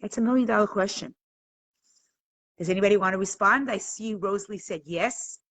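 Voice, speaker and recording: A woman's voice: mid-range voice, brisk, fairly bright tone, dry recording, low-quality recording. Earnest woman teaching a live class. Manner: earnest, questioning, engages the audience. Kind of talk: live-streamed talk to viewers.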